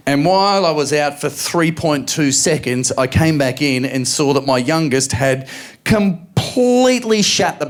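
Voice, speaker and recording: A man doing stand-up comedy on stage, telling an animated story and acting out the voices of his family. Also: a little high. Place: live comedy venue on stage.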